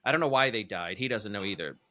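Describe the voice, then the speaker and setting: A man casually telling a long story on a podcast, animated and profane, his voice jumping high when he's incredulous. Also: fast talker. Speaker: podcast co-host.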